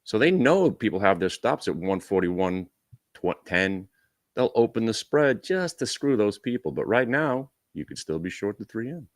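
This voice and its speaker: Male trading-room host, very low pitch, dry close sound, brisk coaching manner. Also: sing-song, no room sound. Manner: brisk and coaching, talks to viewers directly; wry asides. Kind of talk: live trading room commentary.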